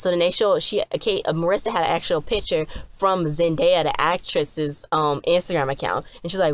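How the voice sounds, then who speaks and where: A woman's voice: fairly low pitch, brisk, dry recording. Chatty woman rambling through a recap. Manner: rambling and chatty, with many fillers and "she was like" retellings. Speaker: TV episode reviewer. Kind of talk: casual episode recap to camera.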